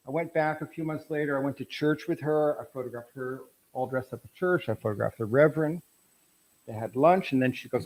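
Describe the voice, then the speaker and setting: A man's voice: a little high, a little fast, a little mellow, low-quality recording. A middle-aged man presenting his photographs at an artist talk, telling anecdotes in a rambling way with frequent restarts.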